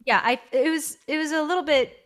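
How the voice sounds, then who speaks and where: A middle-aged woman talking earnestly in a casual conversation, co-hosting and telling a story with a pleading, animated manner. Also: sits high, fairly quick. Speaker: co-host.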